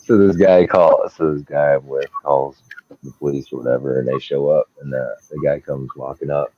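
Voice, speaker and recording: A man co-hosting a podcast, telling stories in a casual, animated way and acting out the people in them. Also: very deep voice, normal speed. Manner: animated anecdote-telling, acting out quoted people, laughs often. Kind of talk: casual storytelling chat. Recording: dull lo-fi dry sound.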